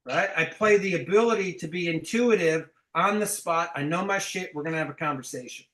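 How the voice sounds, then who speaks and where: A man's voice: high voice, a little fast, hardly any pauses, a bit bright, roomy sound, low-quality recording. A man coaching a sales team, blunt and emphatic, swearing casually as he explains.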